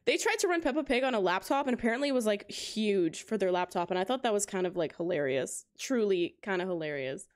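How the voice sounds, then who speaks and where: A woman's voice: medium pitch, animated, quick pace, hardly any pauses. A young woman hosting a gaming livestream, chatting casually to her viewers in a bubbly, rambling way with many fillers and laughs, on a desk mic at home. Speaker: livestream gamer host. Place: home streaming setup. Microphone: desk microphone with high gain.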